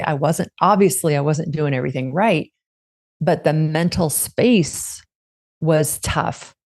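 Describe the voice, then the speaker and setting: A woman's voice: sits low, darkish tone. A middle-aged woman, a podcast guest, telling her personal story in a candid, reflective way. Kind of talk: conversational interview.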